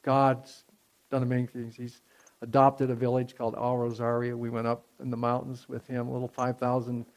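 Male preacher, gravelly tone, chatty storytelling sermon with lots of "you know" fillers. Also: mid-range voice, completely flat delivery, normal speed, darkish tone. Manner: conversational, many fillers and restarts, rising in intensity. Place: church before a congregation.

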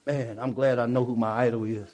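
A man giving a fervent preaching testimony in church, casual and repetitive, swinging from hushed asides to loud exclamations. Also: mid-range voice, level tone, a little fast.

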